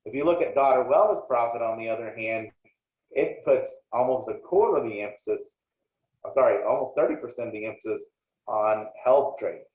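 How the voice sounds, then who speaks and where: A man's voice: medium pitch, brisk. Guy lecturing off slides, plainspoken, bit of restarting, echoey room, kinda dull sound. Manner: plainspoken and explanatory, with frequent small restarts. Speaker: dairy extension lecturer.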